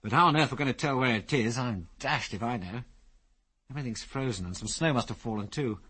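A man voicing a calm, commanding veteran pilot who speaks in clipped, matter-of-fact orders. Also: mid-range voice, brisk, breathy edge. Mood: wry.

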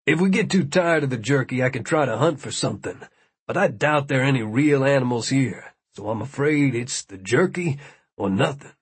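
A man's voice: mid-range voice, animated, moderate pace, slightly rough. A man voicing an easygoing young man who casually explains things.

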